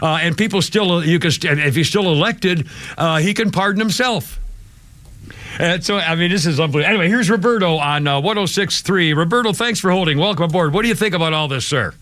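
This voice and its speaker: A man's voice: sits high, a little fast, fairly bright tone, no room sound. A man in his seventies hosting a talk radio show, telling rambling stories with laughs and growing indignant. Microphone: studio microphone.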